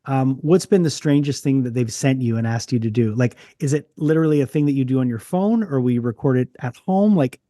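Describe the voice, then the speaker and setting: Mellow rambling man host, dry sound. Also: mid-range voice, a little fast, hardly any pauses, dry recording. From Canada. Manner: rambling storyteller, restarts sentences. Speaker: podcast host. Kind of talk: casual interview chat.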